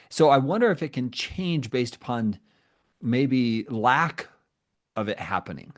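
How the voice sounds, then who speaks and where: A middle-aged man hosts a podcast, speaking at an ordinary pitch. He sets up his questions in a measured, thoughtful way. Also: animated. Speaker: podcast host and therapist. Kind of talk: podcast interview.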